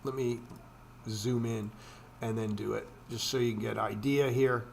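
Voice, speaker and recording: A man's voice: medium pitch, steady tone, measured pace, vocal fry, a little hiss or hum. A man hosting a casual screen-share walkthrough of trading charts, talking in a profane, ranting way with lots of swearing and filler words. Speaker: trading video host.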